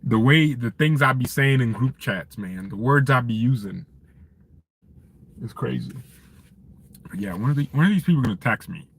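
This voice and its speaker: A man's voice: medium pitch, moderate pace, gravelly, long pauses, slightly rough. Man ranting casually on a live stream. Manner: animated, joking, ranting. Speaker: fan channel host. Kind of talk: casual live-stream chat reading viewer messages.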